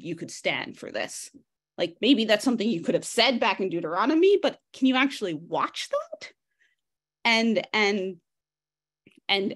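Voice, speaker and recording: A woman leading a text study over a video call, speaking conversationally, thinking aloud with frequent restarts and addressing participants by name. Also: medium pitch. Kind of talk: casual teaching, reading and discussing a text.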